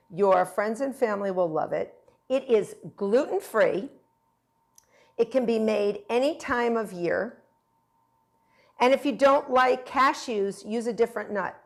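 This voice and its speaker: A woman's voice: mid-range voice, vocal fry. A middle-aged woman chef giving a chatty, playful, encouraging cooking demonstration. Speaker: cooking instructor.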